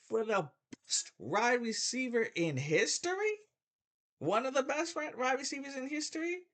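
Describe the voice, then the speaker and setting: A man's voice: very high voice, big pitch swings, normal speed, fairly bright tone. A middle-aged man giving a heated, repetitive opinion rant as a sports vlogger, stumbling and restarting as he talks.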